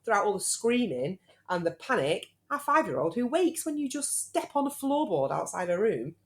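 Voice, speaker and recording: A woman's voice: mid-range voice, big pitch swings, moderate pace. A British woman in her thirties hosting a podcast, chatty and teasing in casual talk with her husband. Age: 30s. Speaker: podcast host. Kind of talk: casual chat.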